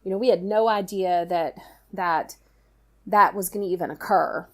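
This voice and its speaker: A middle-aged woman tells a personal story in casual chat, animated and full of "you know" fillers. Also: fairly low pitch, normal speed. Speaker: guest storyteller, mother.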